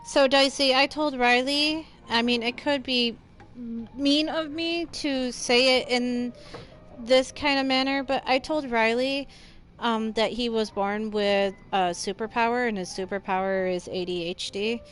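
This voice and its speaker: A woman streamer talking casually and rambling to her chat, her voice a touch higher than average. Faint game music plays under her speech from a desk mic. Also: steady tone, measured pace, a bit bright. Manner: chatty, rambling, reactive.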